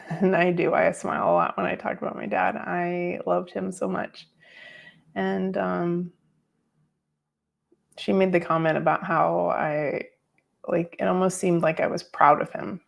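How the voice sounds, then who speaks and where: A middle-aged woman hosting a podcast, telling a personal story in a reflective, unhurried way with many fillers. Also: fairly low pitch, level tone, vocal fry. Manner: reflective, tearful at times, with fillers. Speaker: podcast host.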